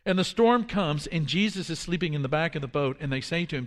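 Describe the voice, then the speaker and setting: A man in his fifties preaching a sermon, telling stories in an animated way that drops to a hush for quoted lines. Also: a little high, fairly quick, long reverb tail. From Washington, D.C. area. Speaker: pastor.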